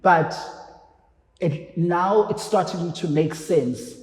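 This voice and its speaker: A man's voice: high-pitched, slow pace. Emotional man, echoey studio. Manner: emotional, excitable, sentimental. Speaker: podcast guest, radio traffic anchor. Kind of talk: emotional interview chat. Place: podcast studio. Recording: echoey studio with long reverb.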